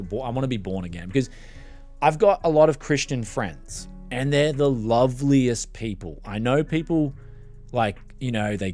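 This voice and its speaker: An Australian man hosting a tech live stream. He chats casually and rambles, restarting his sentences often. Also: mid-range voice. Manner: rambling and chatty, with frequent restarts.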